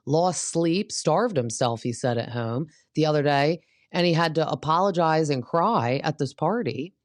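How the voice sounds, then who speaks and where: A woman's voice: deep voice, lively intonation, unhurried, no room sound, clean studio sound. Chatty woman dishing reality TV gossip. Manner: chatty and gossipy, acting out quotes from cast members. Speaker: podcast host. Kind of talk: casual reality TV recap.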